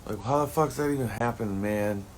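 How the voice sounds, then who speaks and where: Deep-voiced man on a rambling rant. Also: fairly quick, a little hiss or hum. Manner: rambling, swears often, heated and emotional at times. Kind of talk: rambling personal monologue.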